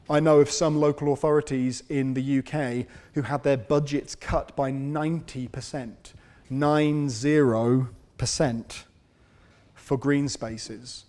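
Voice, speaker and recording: A man giving a conversational conference talk, relaxed and self-deprecating, with dry humour. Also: mid-range voice. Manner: relaxed, lots of fillers and repeats. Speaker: conference speaker on urban forestry. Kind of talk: conversational lecture.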